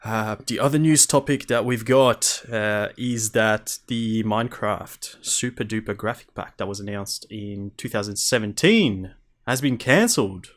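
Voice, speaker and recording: A man co-hosting a gaming podcast, easygoing and quick to laugh as he moves through news topics. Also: lowish voice. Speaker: podcast co-host. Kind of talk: casual chat.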